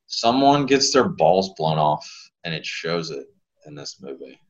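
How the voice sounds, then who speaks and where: A man, a physical therapist guest on a podcast, chatting casually and telling rambling, animated stories. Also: extremely low pitch, unhurried, lo-fi sound.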